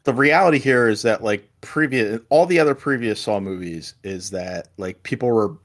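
A man hosting a casual movie chat, halting and repeating words as he starts sentences. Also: lowish voice.

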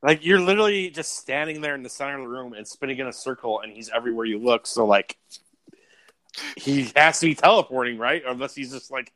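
A man co-hosting a casual movie review podcast, talking in an animated, wry and profane way. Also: mid-range voice, fairly quick. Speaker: podcast co-host.

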